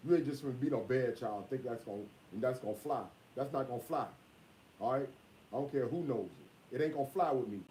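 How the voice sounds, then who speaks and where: A father talking casually in a vlog, repeating himself and scolding in a drawn-out way. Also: medium pitch, dark tone, a little hiss or hum.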